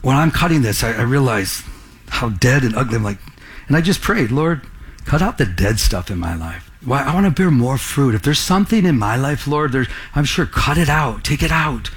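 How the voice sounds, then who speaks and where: A middle-aged man preaching a sermon as a pastor, telling stories with lively acted-out dialogue. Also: mid-range voice, normal speed, husky. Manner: animated storytelling, acts out dialogue.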